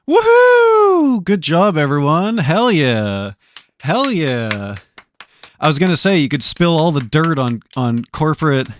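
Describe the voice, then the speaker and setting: A man streaming live, chatting casually with his viewers. He gets excited easily and swears a lot while he plays. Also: medium pitch, a little hiss or hum.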